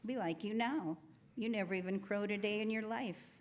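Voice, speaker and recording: A woman's voice: mid-range voice, normal speed, lightly acted. A woman voicing a friendly gray and white barn cat with an easygoing, reassuring manner. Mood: kind.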